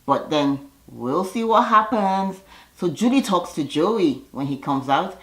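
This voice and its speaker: A woman's voice: fairly low pitch, lively intonation, a little slow. A woman giving a casual video recap in a sassy way, acting out the quotes in put-on voices. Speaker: YouTuber recapping a reality show. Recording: echoey room.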